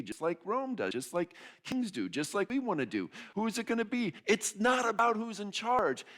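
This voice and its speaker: A male pastor preaching with a lively, swooping voice that leaps up high for emphasis. His talk is loose and conversational, and he keeps repeating his main phrases. Now and then he slips into quick voices for people in the stories. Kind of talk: sermon.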